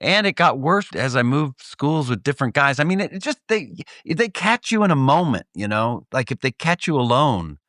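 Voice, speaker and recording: A middle-aged man from Texas tells a story on a podcast. His pitch swings widely as he acts out the people in it, and he laughs often. The recording is dry and close. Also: normal speed, few pauses, no echo. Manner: animated, acts out voices in anecdotes, laughs often. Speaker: podcast co-host. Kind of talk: casual storytelling. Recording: dry close studio mic.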